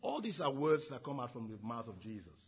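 Very husky, animated male preacher. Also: mid-range voice, fairly quick, lo-fi sound. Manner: earnest, animated preaching with repeated phrases. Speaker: pastor. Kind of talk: sermon.

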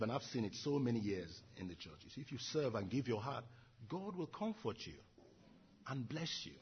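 A man's voice: medium pitch, breathy edge, lo-fi sound. A man preaching an earnest sermon, repeating and building his phrases. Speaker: pastor.

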